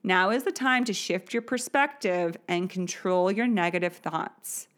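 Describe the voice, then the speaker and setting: A woman in her thirties with a fairly low, slightly slow voice hosts a podcast, sharing a personal story. She's candid and chatty, laughs now and then, and uses lots of fillers.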